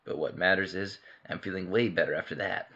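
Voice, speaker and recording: A man voicing a young male hedgehog hero, worn out from sneezing, with a hoarse, laughing delivery on a dull mic. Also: deep voice, fairly even intonation, fairly quick, pushed and bright.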